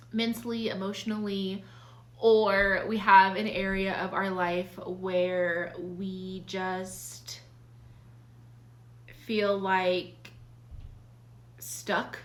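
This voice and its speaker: A woman's voice: mid-range voice, fairly bright tone. A young adult woman talking casually and earnestly about her own life, confiding, with many fillers and restarts. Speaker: vlogger sharing life advice. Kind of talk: casual personal talk.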